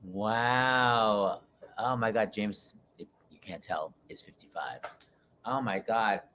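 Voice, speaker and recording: A man hosting a talk show, gushing and rushing through asides and announcements. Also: on the low side, pushed and bright. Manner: gushing, rapid asides, repeats "oh my God". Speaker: host. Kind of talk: casual talk-show monologue.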